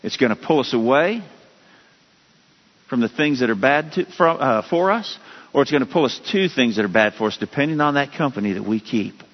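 A man preaching a sermon as a pastor, with sudden rises in pitch and emphasis. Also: lively intonation, a little fast. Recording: dull lo-fi sound with long hall reverb.

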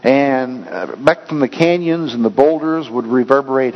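A man preaching a sermon earnestly, often swinging between raised and hushed delivery. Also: medium pitch, lively intonation, normal speed. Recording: long reverb, dull lo-fi sound.

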